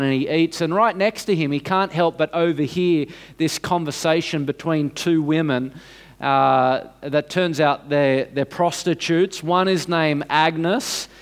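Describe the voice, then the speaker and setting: A man with a fairly high voice delivers a sermon as a story. He tells it in an unhurried, dramatic way and builds to emphatic points. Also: clear, resonant tone. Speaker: preacher.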